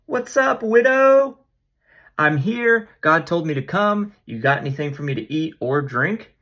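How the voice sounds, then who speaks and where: A man's voice: fairly high pitch, expressive, unhurried, a bit bright, voice pushed up. A man voicing a male prophet as a cool, unbothered guy who talks in casual slang. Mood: hyped.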